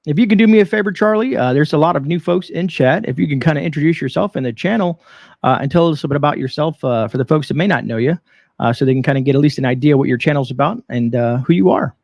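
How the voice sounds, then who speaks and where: A man from Canada hosts a live stream, greeting viewers one by one in a friendly, casual way. His voice sits a little high and has a gravelly edge, recorded close and dry. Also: animated, fast, a little mellow, no echo. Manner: friendly, reads out viewer names. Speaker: host.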